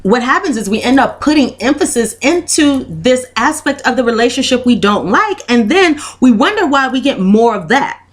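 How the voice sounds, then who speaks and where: A woman's voice: high voice, sing-song, moderate pace, hardly any pauses. A woman giving a spoken tarot reading, earnest and encouraging, who repeats her phrases and leans on "you know" fillers. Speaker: tarot reader.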